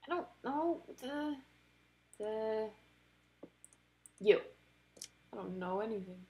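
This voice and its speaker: A woman giving casual commentary while playing a card game, excitable, talking to the cards and groaning or cheering at each turn. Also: fairly high pitch, takes it slowly. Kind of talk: casual let's-play commentary.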